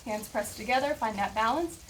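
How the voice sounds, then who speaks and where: A woman with a somewhat high voice leads an at-home workout, counting reps aloud and explaining each move as she does it herself. She sounds slightly out of breath from exercising along. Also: moderate pace, slight background noise. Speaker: fitness instructor. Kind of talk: follow-along workout instruction.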